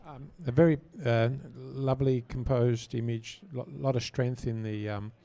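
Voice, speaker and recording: A man's voice: medium pitch, fairly even intonation, a little slow, creaky, mellow. A man giving a hesitant photography judge's comment, with many ums. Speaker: competition judge. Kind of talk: spoken critique.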